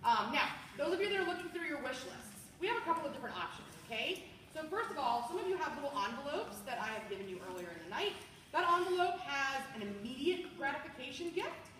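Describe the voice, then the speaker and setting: Woman, party sales presenter, bubbly and animated, bright tone, echoey room from far off. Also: sits high, slight background noise. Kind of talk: product demonstration to a group.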